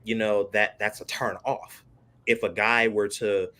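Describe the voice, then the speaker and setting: A man's voice: lowish voice, little pitch movement, measured pace, pushed and bright. A man on a casual panel, talkative, with stammering restarts and frequent "you know what I'm saying".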